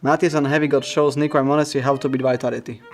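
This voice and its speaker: A man's voice: medium pitch, flat delivery, rapid-fire. A man co-hosting an esports stream, laughing often as he jokes and mocks in casual banter. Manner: laughs often, joking and mocking. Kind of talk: casual banter reading chat messages.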